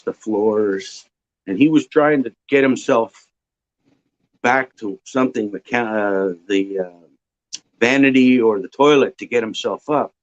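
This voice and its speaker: Man telling a rambling story. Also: mid-range voice. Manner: rambling, frequent filler pauses. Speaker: guest. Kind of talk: casual storytelling. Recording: dull lo-fi audio.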